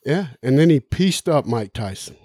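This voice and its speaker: A man talking on a podcast in loose, profanity-laced rambles, with plenty of emphasis and asides. His voice sits at an ordinary middle pitch. The sound is dry and close, with no room around it. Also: animated, moderate pace, mellow, dry recording. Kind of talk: casual podcast chat.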